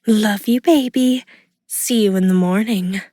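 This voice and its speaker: Brief: man voicing a cocky, playful warrior woman; pitched well up, lively delivery, audiobook. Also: unhurried, no echo, clean studio sound. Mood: teasing. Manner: teasing, playful. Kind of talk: audiobook character voice.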